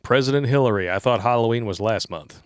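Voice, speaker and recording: A man's voice: mid-range voice, fast talker, dry recording, studio quality. A man co-hosting a live stream, reading viewer chat aloud and commenting sarcastically, often laughing at his own jokes.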